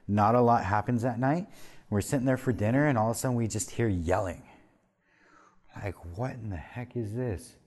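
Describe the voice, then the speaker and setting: A man serving as a pastor, talking with a group in a relaxed way and telling stories from his own life. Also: mid-range voice. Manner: conversational, with restarts and fillers and a quick laugh. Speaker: pastor leading a group discussion. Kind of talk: casual group talk and storytelling.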